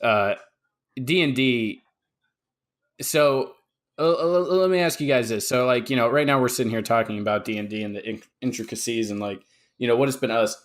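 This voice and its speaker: A man hosting a casual podcast, asking questions in a halting way with many fillers. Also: mid-range voice. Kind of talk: casual chat.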